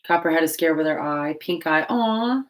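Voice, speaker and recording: Woman, low voice, casual livestream chat, self-mocking asides, painting at home. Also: animated, normal speed. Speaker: livestream host. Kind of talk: casual live-stream chat while painting.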